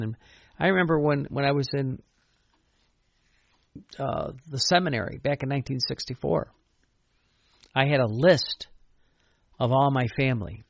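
A man's voice: medium pitch, measured pace, gravelly, pauses often, no echo, lo-fi sound. An older man, a priest, preaching a sermon in an anecdotal, conversational way and chanting repeated lines of prayer.

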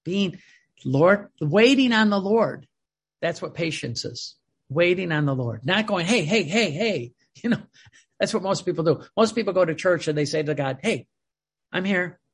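A man preaching a sermon, reading devotional passages aloud and commenting on them in an earnest, emphatic way that swings between loud and soft. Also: high-pitched, animated, moderate pace, slightly rough.

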